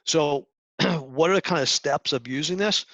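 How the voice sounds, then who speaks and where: A middle-aged man giving a talk to high school students, coaching earnestly with restarts and acted-out examples. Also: a little slow, fairly bright tone, no echo. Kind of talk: presentation talk. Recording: dull lo-fi sound.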